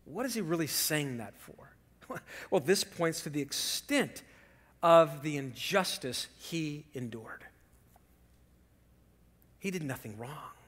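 A man preaching a sermon as pastor, swinging from loud emphasis to hushed whispers and telling lively stories with rhetorical questions. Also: a little high, takes it slowly, big-room sound. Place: church sanctuary.

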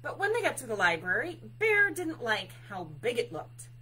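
A woman working as a librarian, reading a picture book aloud at story time in an expressive, unhurried way, adding chatty asides. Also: fairly high pitch, slightly rough, low-quality recording.

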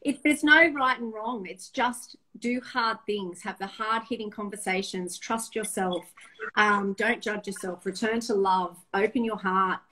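A woman's voice: mid-range voice, fairly even intonation, a little slow, bright, forceful tone, low-quality recording. A middle-aged woman, a guest sharing personal stories candidly and emotionally, often restarting her sentences. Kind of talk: open personal storytelling.

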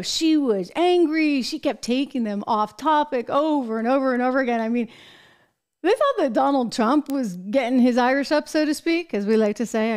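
An American woman with a slightly high voice hosts a commentary show. She talks emphatically and with animation, throwing in exasperated asides. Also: clean tone. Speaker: show host. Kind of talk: political commentary.

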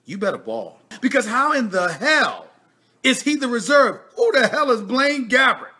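Male sports commentator at home. Loud, emphatic and theatrical, with a bright, forceful tone. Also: extremely high pitch, big pitch swings, moderate pace, breathy edge. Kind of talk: casual rant.

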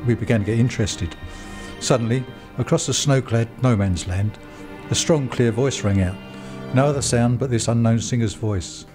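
An actor reading a British First World War soldier's account in a quiet storytelling manner for a documentary. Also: male voice, medium pitch, moderate pace, lightly acted. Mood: wondering. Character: British WWI soldier recounting a night. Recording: music under the voice.

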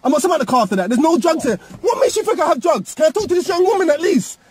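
A man, arguing with police from inside his car, agitated and repeating himself, shouting at times. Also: very high voice, sing-song, very fast, slight background noise. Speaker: driver stopped by police. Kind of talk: heated roadside argument.

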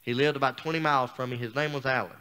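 A man's voice: mid-range voice, steady tone, very fast, sharp tone, clear, resonant tone. A man speaking as a guest preacher, telling a personal story in a folksy, down-home sermon style.

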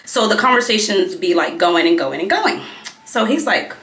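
A woman's voice: medium pitch, moderate pace, roomy sound. A woman in her thirties, a beauty vlogger chatting casually while getting ready, telling stories and jumping from topic to topic. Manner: chatty, animated storyteller who jumps between topics.

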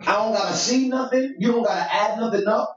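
Male elder teacher, high voice, slangy emphatic preaching, dull distant echoey recording. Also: brisk. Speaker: church elder leading Bible study. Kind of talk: sermon-style Bible teaching. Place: church meeting room. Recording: echoey room, distant mic, dull sound.

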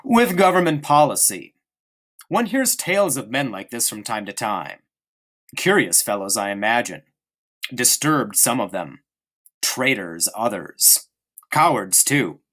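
A man voicing a stern middle-aged army commandant who questions a young officer with slow, pointed pauses. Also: medium pitch, animated, fairly bright tone. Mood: probing, menacing. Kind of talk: audiobook character reading.

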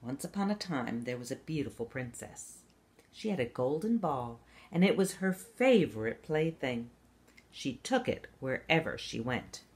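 A woman reading a fairy tale aloud for children, at a gentle, measured pace. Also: very deep voice, very animated. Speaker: storyteller.

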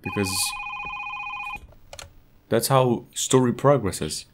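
A man's voice: medium pitch, slow pace, noisy background. A man playing a horror game on his channel, swearing often and laughing nervously as he reacts. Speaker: gaming youtuber. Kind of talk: horror game let's play commentary.

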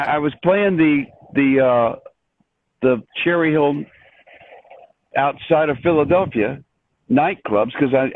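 An older man, a composer, telling stories in an interview with many restarts and an animated, rambling manner over a remote call. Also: mid-range voice, no room sound. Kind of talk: storytelling in an interview. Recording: dry tinny phone-like line.

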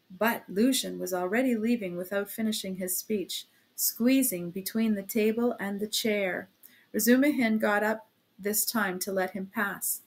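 A woman narrating a classic novel aloud in a steady, even reading voice. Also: mid-range voice, measured pace. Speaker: audiobook narrator.

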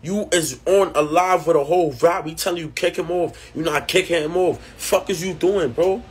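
A man's voice: on the high side, normal speed. A man with a New York accent ranting angrily on a livestream, repeating threats and insults at another rapper. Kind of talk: heated livestream rant.

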